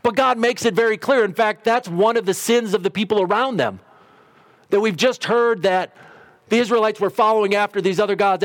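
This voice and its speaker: A middle-aged man preaching a sermon in a conversational storytelling way, briefly acting out quotes. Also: high voice. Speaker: pastor.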